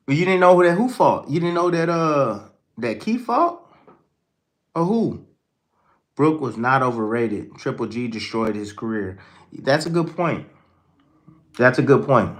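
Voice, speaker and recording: Slangy, animated man hosting a boxing chat. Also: on the low side. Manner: slangy, animated, exclaims and swears freely. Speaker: boxing show host. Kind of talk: casual livestream chat, reading viewer comments.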